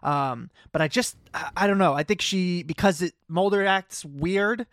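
A man with a somewhat high voice recaps a TV episode in relaxed chat. He drops wry jokes and the odd swear. The sound is dry and close to the mic. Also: normal speed, dry recording. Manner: wry, jokey, casual swearing. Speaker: podcast co-host.

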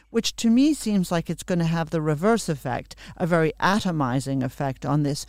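A man's voice: a little high, animated, normal speed, few pauses, a little mellow, no echo. A man from Australia hosting an interview, asking emphatic questions with frequent restarts.

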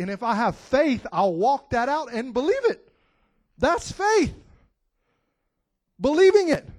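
A man preaching a lively sermon to his church, whooping and swinging between hushed lines and loud cries. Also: very high voice. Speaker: pastor.

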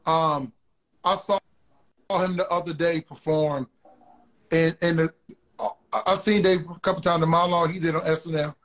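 A man's voice: a little high, steady tone, moderate pace, pauses often, a bit bright. A comedian in his thirties, a man, chatting loosely and telling boastful stories as a guest. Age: 30s. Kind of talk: casual podcast chat.

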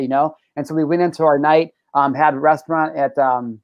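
A man's voice: fairly high pitch, brisk, no echo. A young adult man telling a personal story in casual chat, with lots of swearing and "bro". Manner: profane, animated, says "bro". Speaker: guest.

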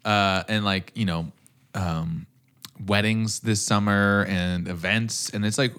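Laid-back low-voiced man in his thirties. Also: fairly even intonation, slow pace, fairly bright tone, clear, resonant tone. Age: 30s. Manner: rambling, laughs often, lots of fillers. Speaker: podcast co-host. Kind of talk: casual chat.

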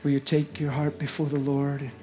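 A man preaches a heartfelt sermon and leads prayer, his voice sitting a little high. He drops into hushed whispers, then rises into loud exclamations. Soft music plays faintly beneath him. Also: completely flat delivery, brisk. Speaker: guest preacher. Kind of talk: sermon with altar call and prayer. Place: church service.

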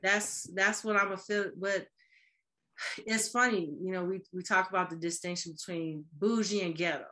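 Lively woman on a podcast, bright voice, laughs a lot, does little voices for people. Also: on the low side, moderate pace. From Midwest. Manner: animated, laughs often, acts out quoted voices. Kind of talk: casual chat.

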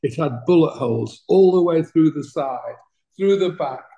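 A man's voice: a little high, moderate pace, mellow, roomy sound, highs cut off. An older British man, a talent manager, telling anecdotes as a guest in an interview, chatty and laughing through his stories. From Britain.

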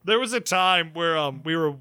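A man's voice: on the high side, lively intonation, moderate pace, pushed and bright, clean tone, dry recording. A young man co-hosting a podcast, joking around and slipping into silly voices. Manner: playful, jokey, slips into voices. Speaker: podcast co-host. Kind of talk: casual banter.

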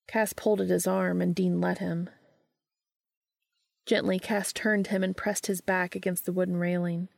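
Low gravelly woman reading a story. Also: flat delivery, normal speed, dry recording, studio quality. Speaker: podfic reader. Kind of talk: audiobook narration of fan fiction.

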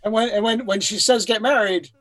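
Joking male guest with a high voice. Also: a little fast, low-quality recording. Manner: joking, animated storyteller. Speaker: guest musician. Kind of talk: casual storytelling.

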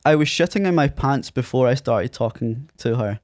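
A man's voice: medium pitch, normal speed, dry recording. Scottish man telling stories in a dry room. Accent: Scottish, Ayrshire. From Scotland. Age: 30s. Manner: animated storyteller, acts out quotes in a raised voice. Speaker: guest. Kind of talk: casual interview.

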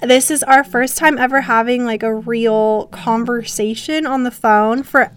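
A woman's voice: fairly high pitch, steady tone, measured pace. A young woman hosting a casual podcast, chatty and bubbly, laughing often as she talks. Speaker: podcast host.

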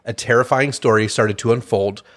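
A man's voice: mid-range voice, steady tone, normal speed, fairly bright tone. A man co-hosting a true crime podcast, reading out a case story with casual asides and stumbling over names. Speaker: podcast co-host.

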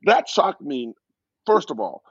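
A middle-aged man, once a pro football player, recounts a memory with animated, husky delivery. His pitch rises and falls widely as he acts out both sides of a conversation. The sound is dry and a little dull, like a lo-fi recording. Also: slow, dry recording. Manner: animated storyteller, acting out quoted exchanges in a higher voice. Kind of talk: storytelling in a podcast interview.

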